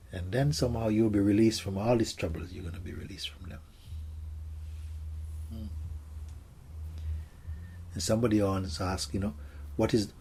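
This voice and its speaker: A man, a spiritual teacher, gently telling stories and answering questions for a gathering in a soft, hushed way. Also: fairly low pitch, breathy edge. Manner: soft-spoken, gentle storytelling, often drops to a hush.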